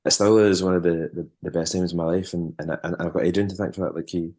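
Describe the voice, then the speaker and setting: A Scottish man with a very low voice spins loose, rambling tales in a relaxed interview. He stumbles and restarts often, and chuckles now and then while he talks. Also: fast. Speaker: musician and former tour manager. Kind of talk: casual interview storytelling.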